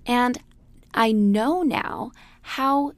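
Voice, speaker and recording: A woman's voice: on the high side, drawn-out words, no echo. A middle-aged woman teaching a class, chatting casually and telling a story with frequent laughs. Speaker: class instructor. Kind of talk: casual spoken lecture.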